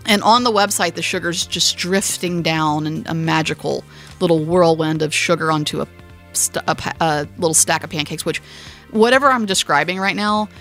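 Animated laughing woman co-host. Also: moderate pace, soft background music. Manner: animated, laughing, acts out quotes in high squeals. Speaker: podcast co-host. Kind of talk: casual chat.

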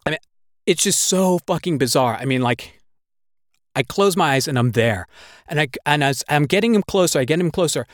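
A man's voice: a little high, expressive, moderate pace, no room sound, studio quality. A man telling a personal story in casual, swear-filled speech. His retelling is breathless and emotional, and he gets worked up as he goes.

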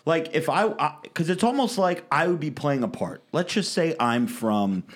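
A man's voice: a little high, moderate pace. Man telling a rambling podcast story. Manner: animated, rambling storyteller who acts out quotes. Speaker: podcast host.

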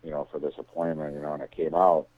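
Low-voiced man on a tinny phone line. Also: little pitch movement, quick pace, dry recording. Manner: rambling storyteller, swears, mimics others. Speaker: interview guest. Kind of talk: casual chat.

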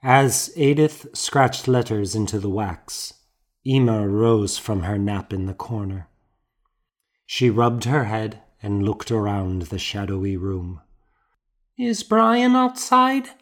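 A man reading a novel aloud as an audiobook narrator, in a measured, gentle way. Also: fairly low pitch, fairly even intonation. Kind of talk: scripted narration.

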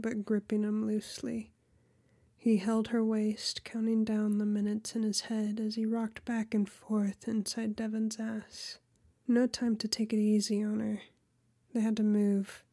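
A woman reading erotic fiction aloud in a soft, often half-whispered voice. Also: medium pitch, creaky, no echo, studio quality. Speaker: audiobook narrator. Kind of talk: erotic audiobook narration.

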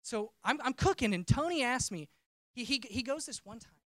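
Male preacher sharing a testimony, animated and chatty, dry close sound. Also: extremely high pitch, normal speed, dry recording. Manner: conversational storytelling, self-interrupting. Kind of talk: personal testimony sermon.

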